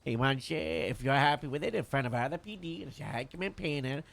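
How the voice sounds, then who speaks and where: A man playing a police captain in role-play chat, talking hesitantly with many pauses and restarts. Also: a little high, vocal fry, fairly bright tone.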